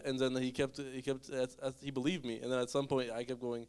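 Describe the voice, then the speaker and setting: A man's voice: mid-range voice, little pitch movement, a little fast, a little mellow, smooth. A young man, a comedian on a panel show, telling a rambling, self-mocking story full of restarts.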